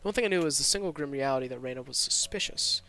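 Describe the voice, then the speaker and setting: A man's voice: medium pitch, expressive, very fast, bright, forceful tone, clear, resonant tone. A man reading a visual novel aloud as a streamer, narrating tense first-person scenes with occasional asides. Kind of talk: dramatic story narration with asides.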